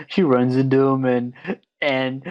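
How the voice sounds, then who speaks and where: A man at a middle pitch hosts a casual podcast. He banters sarcastically, swears freely and jokes his way through the talk. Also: slow, darkish tone, highs cut off. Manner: sarcastic, profane, joking. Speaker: podcast host.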